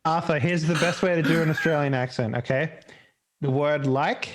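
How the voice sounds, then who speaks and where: Teasing higher-voiced male player. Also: moderate pace. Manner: joking, teasing. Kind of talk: casual chat at a game table.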